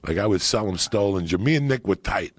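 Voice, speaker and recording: A middle-aged man telling loud, profane, laughing stories as a podcast guest. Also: lowish voice, expressive, fast talker, breathy edge. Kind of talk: profane storytelling chat.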